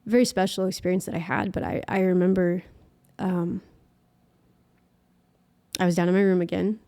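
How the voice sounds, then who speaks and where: Young adult woman, interview guest; earnest, emotional, halting storyteller. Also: lowish voice, little pitch movement, warm tone. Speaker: guest musician. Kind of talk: personal faith story in an interview.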